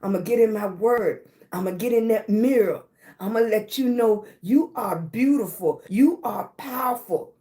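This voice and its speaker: A middle-aged woman hosts a motivational livestream. She talks slowly and pushes each affirmation again and again, calling her viewers baby. Her voice sits a little high. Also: warm tone. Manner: emphatic, repetitive affirmations, calls viewers baby. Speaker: livestream host.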